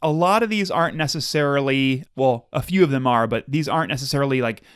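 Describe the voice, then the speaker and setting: A man co-hosting a laid-back podcast chat, wry and deadpan. He rambles and restarts his sentences at a medium pitch. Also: quick pace, clear, resonant tone. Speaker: podcast co-host. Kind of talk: casual spooky chat.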